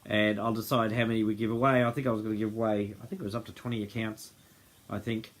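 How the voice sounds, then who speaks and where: This group livestream host has a lowish voice with little pitch movement, and he talks fast. He rambles through unscripted, casual chat and frequently loses the thread of what he's saying.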